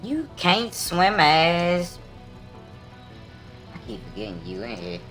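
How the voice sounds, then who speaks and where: A man using a squeaky voice changer while streaming a game, trash-talking loudly and crudely. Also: huge pitch swings, slow pace, faint music behind, exaggerated voice. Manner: loud crude trash talk, playful. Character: squeaky high-pitched trash-talking gamer.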